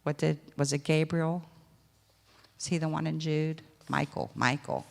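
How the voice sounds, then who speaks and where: A woman preaching a sermon in a lively, conversational way, acting out little dialogues as she goes. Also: sits low, a little slow, gravelly, long reverb tail.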